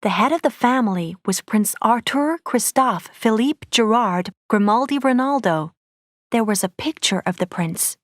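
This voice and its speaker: Clear, steady woman reading a story. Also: a little high, moderate pace, no room sound, clean studio sound. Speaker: audiobook reader. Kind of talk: graded-reader story narration.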